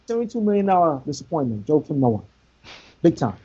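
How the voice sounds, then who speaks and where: A man's voice: on the high side, big pitch swings, quick pace, warm tone, husky. A man talking sports on a podcast in an emphatic way, repeating himself for effect. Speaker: podcast co-host. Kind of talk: casual sports talk. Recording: muffled lo-fi podcast audio.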